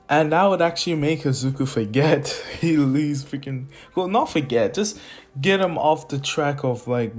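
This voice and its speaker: A man narrating a made-up fan story in a loose, rambling way, full of fillers and self-corrections. His voice sits a bit higher than most men's. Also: a little mellow.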